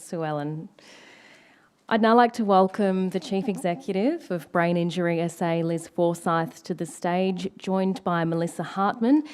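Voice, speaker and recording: A woman's voice: on the low side, darkish tone. A woman acting as master of ceremonies, formally introducing the next speakers.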